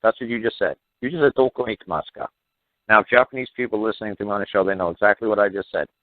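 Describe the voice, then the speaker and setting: A man's voice: on the low side, rapid-fire, no room sound. A man hosting a call-in show, talking bluntly and repetitively with exasperation and some swearing, heard over a narrow phone-like line. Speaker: radio show host.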